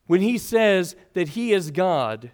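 A man's voice: high voice, very animated, slow pace, a little mellow. A man preaching a sermon, teaching earnestly with rising and falling emphasis.

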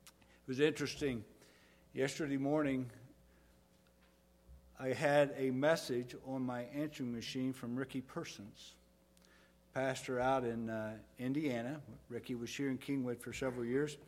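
A male pastor preaching a sermon, dropping to soft low phrases and rising to loud emphatic ones. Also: fairly even intonation, unhurried, pauses often.

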